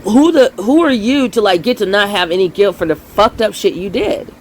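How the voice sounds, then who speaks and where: A man delivering a fired-up commentary monologue with a somewhat high-pitched voice. He talks emphatically and swears freely, as if arguing with the news he is reacting to. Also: moderate pace, slight background noise, poor audio. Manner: impassioned, profane, emphatic. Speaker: commentary channel host; parent. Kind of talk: ranting commentary.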